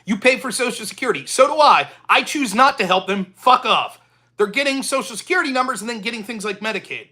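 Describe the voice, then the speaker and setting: Angry, profane man with a bright, forceful voice. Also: very high voice, animated, fast. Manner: talks straight at the listener. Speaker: political talk show host. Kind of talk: solo ranting commentary.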